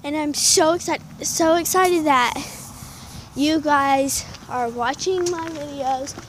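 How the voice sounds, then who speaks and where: High-voiced girl vlogging in the snow on her phone, slow and gushy, lots of noise around. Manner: excited, chatty, lots of "y'all" and "like". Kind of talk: casual outdoor vlog. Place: outdoors in falling snow. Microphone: handheld phone camera. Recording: noisy outdoor phone recording.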